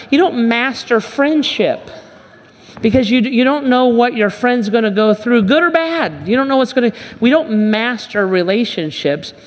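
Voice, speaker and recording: A pastor giving a conversational sermon, restarting and repeating phrases and acting out the Bible dialogue. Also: medium pitch. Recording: long reverb of a large hall.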